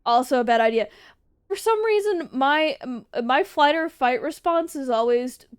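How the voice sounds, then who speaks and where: A woman's voice: high-pitched, expressive, moderate pace, no echo, studio quality. A woman streamer in casual livestream chat, answering viewer questions, laughing often and swearing freely.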